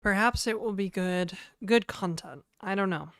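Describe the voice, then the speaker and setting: A woman's voice: mid-range voice, normal speed, a bit bright, no echo, clean studio sound. A woman live-streaming, chatting casually and reading her chat aloud, with lots of fillers.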